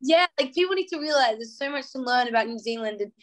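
A woman's voice: high-pitched, lively intonation, quick pace. A young woman from Australia with an Australian accent, chatting as a singer guest in an interview, bubbly and full of fillers. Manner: bubbly, many fillers, acts out quotes. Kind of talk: casual interview chat.

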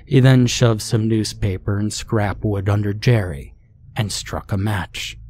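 Man, scary story narration, husky, low pitch, calm and measured. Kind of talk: scripted narration.

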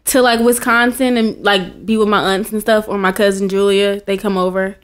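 A woman's voice: mid-range voice, fairly even intonation, moderate pace, clear, resonant tone. A young woman guest chatting casually, rambling and laughing often, with plenty of filler words. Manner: giggly, rambling, lots of "like". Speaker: podcast guest. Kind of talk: casual chat.

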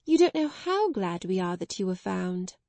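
A woman's voice: on the low side, big pitch swings, moderate pace, vocal fry, dark tone, no echo. A woman doing a helpful young girl. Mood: caring. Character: kind, eager young girl.

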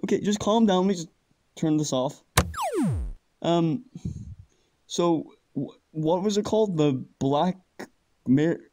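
A man voicing an easygoing young everyman in a homemade audio drama, unbothered and trying to talk his friend down. His voice is slightly high for a man. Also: takes it slowly, long pauses. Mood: calming. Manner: casual, calming, unbothered. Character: laid-back young man, average buddy.

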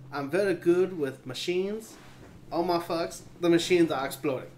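A man's voice: on the high side, close to an everyday voice. A man playing a blunt, casually swearing space mechanic in a board game introduction. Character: grumpy future space mechanic who fixes failing machines.

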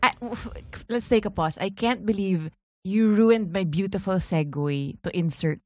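A woman's voice: medium pitch, normal speed, no echo, studio quality. A woman with a Filipino accent co-hosting a podcast, teasing and laughing in casual chat. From Philippines. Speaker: podcast co-host.

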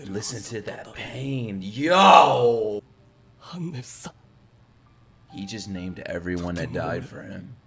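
A young man reacting to an anime episode, excitable and swearing, swinging from hushed remarks to shouts. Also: low voice, measured pace. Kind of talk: live anime reaction commentary. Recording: show music playing behind.

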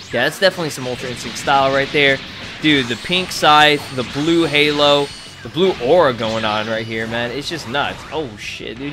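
A young man giving excitable, profanity-laced commentary over his gameplay, laughing often. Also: mid-range voice, normal speed, music in the background. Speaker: gaming YouTuber.

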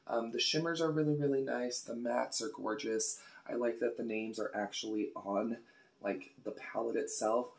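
Gushing chatty woman vlogger. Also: rumbling low. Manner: chatty and gushing, repeats words for emphasis. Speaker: beauty vlogger. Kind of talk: casual product review vlog.

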